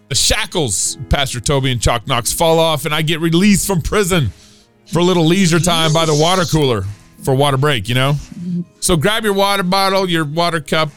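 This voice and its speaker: A man's voice: on the high side, lively intonation, moderate pace, a bit bright, smooth, soft background music. A man hosting a comedy podcast, rambling playfully and poking fun at himself. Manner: playful, rambling, self-mocking. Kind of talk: joking commentary.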